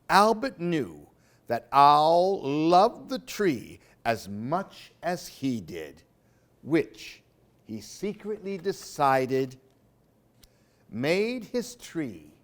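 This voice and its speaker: A man reading picture books aloud for children in an expressive, sing-song way. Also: on the high side. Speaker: storyteller for a library program.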